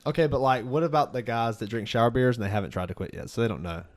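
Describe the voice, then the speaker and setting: A young man with a drawl rattles through stories at a quick clip, swearing freely and keeping things animated. His pitch sits in the ordinary middle for a man. The talk is loose, profane podcast banter. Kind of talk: casual podcast chat.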